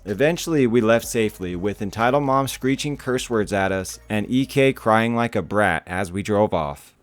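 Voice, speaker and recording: A man's voice: on the low side, moderate pace, faint music behind. A man narrating internet stories in a casual, wry tone, as the channel's regular narrator.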